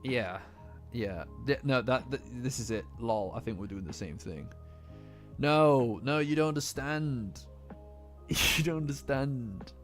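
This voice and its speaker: A man's voice: mid-range voice, measured pace. A man casually chatting with his live-stream chat, rambling and swearing, often breaking into laughter. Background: faint lofi music.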